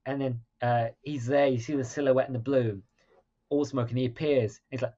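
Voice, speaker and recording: Male co-host, casual chat, animated retelling, slightly dull lo-fi sound. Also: mid-range voice, normal speed. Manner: animated, acts out scenes in quoted voices. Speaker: podcast co-host.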